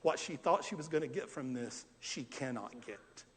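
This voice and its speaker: A male pastor preaching a verse-by-verse sermon in a church, asking lively rhetorical questions and acting out scenes. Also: mid-range voice, moderate pace, a little hiss or hum. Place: church sanctuary. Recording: long church hall reverb.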